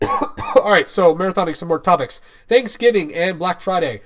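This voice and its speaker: A man's voice: sits high, huge pitch swings, normal speed, a bit bright. A young man co-hosting a casual podcast chat, rambling and upbeat, swearing casually as he talks. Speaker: podcast co-host.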